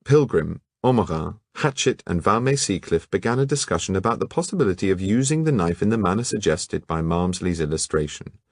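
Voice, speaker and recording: Deep-voiced man reading a novel aloud. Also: animated, fairly quick, few pauses, no echo, studio quality. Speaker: audiobook narrator. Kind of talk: scripted audiobook narration.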